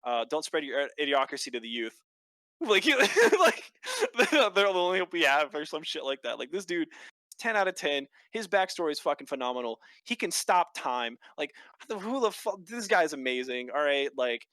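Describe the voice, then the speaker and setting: A podcast co-host with a fairly high voice casually recaps a show, telling the story in an animated, quick way with lots of fillers and swearing. There's no echo.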